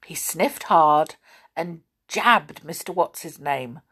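A woman reads a children's story aloud at a slow, unhurried pace. Her voice sits fairly low and stays soft and gentle, sometimes sinking to a whisper. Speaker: storybook reader.

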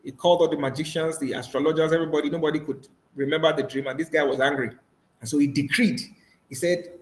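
A man's voice: on the high side, fast, reverberant, poor audio. A man preaching a sermon as pastor, telling stories with energy and acting out the voices of people he quotes. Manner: animated storytelling, acts out quoted voices. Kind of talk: sermon over a voice call.

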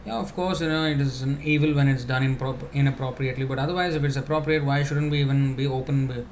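A man giving a conversational spiritual talk, answering questions with many fillers and restarts, now and then laughing softly. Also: medium pitch, steady tone, fast talker, a little hiss or hum.

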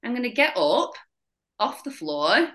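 A young woman with a Northern English accent, a fitness coach talking candidly as a podcast guest, blunt and quick to laugh at dark stories. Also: a little high, very animated, low-quality recording. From Northern England. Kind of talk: casual chat.

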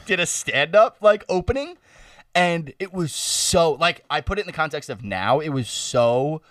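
A man in his twenties co-hosting a podcast, chatting casually with swearing and quick animated asides. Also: a little high, no room sound, clean studio sound, far from the mic. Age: 20s. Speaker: podcast co-host. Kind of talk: casual chat.

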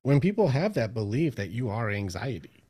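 A man in casual podcast conversation, sharing personal experience in an easygoing, animated way. He slips into quick acted-out bits of his own inner voice, and his pitch sits in an ordinary middle range. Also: breathy edge. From Michigan, US. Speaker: podcast guest, mindset coach. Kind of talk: casual interview chat.

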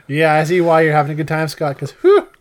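A man's voice: fairly high pitch, fairly even intonation, fast. A man co-hosting a podcast in casual chat, laid-back and laughing often, with many fillers. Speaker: podcast co-host.

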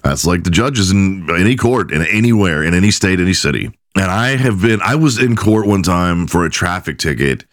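A man's voice: low voice, lively intonation, moderate pace, few pauses, fairly bright tone, dry recording, studio quality. A man hosting a podcast, telling loose, profane stories in a casual monologue and laughing at his own jokes. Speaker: podcast host.

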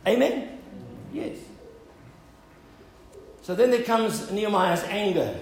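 A man's voice: high-pitched, darkish tone, echoey room, a little hiss or hum, poor audio. A male pastor preaching an earnest sermon, building up to emphatic appeals and asking "Amen?".

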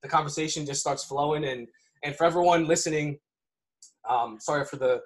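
Podcast host guy, chill and agreeable, voice a bit on the high side. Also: a little fast, slight background noise, poor audio. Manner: easygoing, agrees a lot, laughs along. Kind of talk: casual podcast chat.

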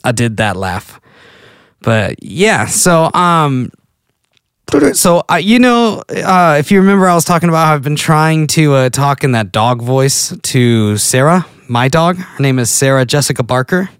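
A man's voice: a little high, lively intonation, unhurried, fairly bright tone, smooth, dry recording, studio quality. A man hosting a casual solo podcast, telling loose stories and interrupting himself often. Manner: rambling, self-interrupting storyteller. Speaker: podcast host.

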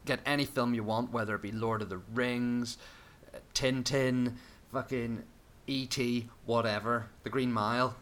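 A man's voice: mid-range voice, fairly even intonation, a little slow, few pauses, a bit bright. A man co-hosting a podcast in casual chat, laughing often and repeating phrases playfully. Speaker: podcast co-host.

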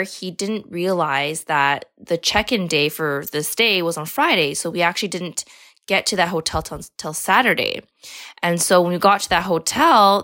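A young woman with a lowish voice tells a personal story as a podcast host. She talks in a loose, chatty way, full of filler words and casual swearing. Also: fairly bright tone. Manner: chatty, lots of "like" and "you know", swears freely.

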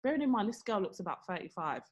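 This young woman's husky, medium-pitched voice moves at a quick pace as she co-hosts a podcast and tells a story casually. She animatedly performs the quoted people in exaggerated voices.

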